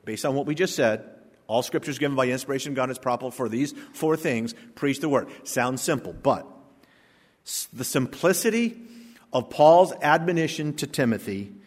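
Emphatic pastor preaching in a hall. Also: male voice, mid-range voice, animated. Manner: emphatic, slows down to stress key words; swings from quiet to loud. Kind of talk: sermon.

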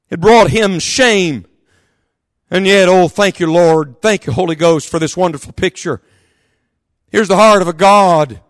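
A man preaching a sermon in church, impassioned, swinging from quick asides to loud, drawn-out calls. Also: high-pitched, dry recording, clean studio sound. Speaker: pastor. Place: church service.

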